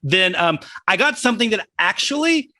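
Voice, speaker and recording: A man's voice: sits high, very animated, moderate pace, bright, forceful tone, dry recording. A man with a Texan accent, co-hosting a podcast in casual, enthusiastic chat about collectibles and laughing often. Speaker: podcast co-host.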